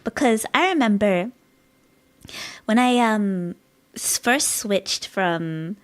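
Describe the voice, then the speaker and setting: A woman's voice: medium pitch, animated, slow pace. A woman streaming live, rambling in casual chat with her viewers and giggling often, her voice a bit strained. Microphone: dynamic studio mic.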